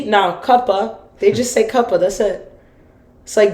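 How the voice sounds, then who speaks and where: A woman's voice: mid-range voice, measured pace, darkish tone. An American woman co-hosting a casual podcast chat, talking over her partner and repeating words as she goes. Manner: talks over others, repeats words while finding them. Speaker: podcast co-host. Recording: echoey room.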